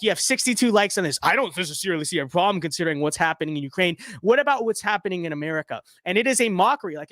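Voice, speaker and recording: A man's voice: high voice, a bit bright, no echo, studio quality. A man ranting on a live stream, reading chat comments aloud with heated sarcasm and frequent restarts.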